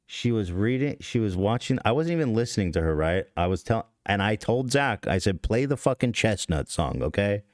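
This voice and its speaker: A man with a low, deep voice tells a confessional story on a podcast. He rambles, swears freely and cuts himself off mid-sentence. The sound is close and dry. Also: darkish tone, no echo. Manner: rambling, profane, self-interrupting. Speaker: podcast host.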